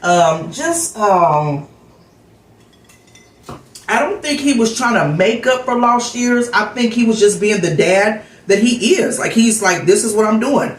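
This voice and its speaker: Middle-aged woman vlogger, chatty and open storyteller, mid-pitched voice, echoey room. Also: lively intonation, slow pace. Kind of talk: casual chat vlog.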